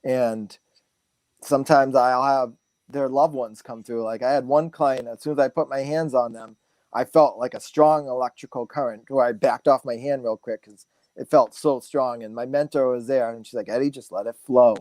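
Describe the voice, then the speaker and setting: A man's voice: medium pitch, moderate pace, no room sound. Rambling man sharing stories, dry sound. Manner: relaxed, rambling with many fillers and restarts. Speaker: guest speaker, massage therapist. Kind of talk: casual storytelling interview.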